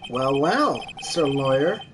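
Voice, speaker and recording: A woman's voice: extremely low pitch, animated, slow pace, background noise, heavily acted. A woman voicing a smug, arrogant male detective with an oily, self-satisfied drawl, over game music.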